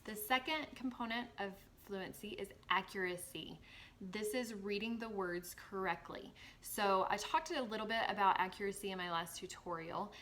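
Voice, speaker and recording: A woman with a Southern US accent, a former teacher explaining reading skills to parents in a clear, encouraging tutorial. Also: mid-range voice, normal speed, fairly bright tone, a little hiss or hum. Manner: clear, encouraging, models examples with her voice.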